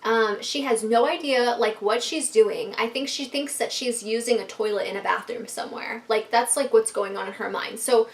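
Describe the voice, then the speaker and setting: A woman vlogger telling a casual storytime to her viewers, animated, full of fillers and swearing. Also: a little high, normal speed, gravelly, hardly any pauses.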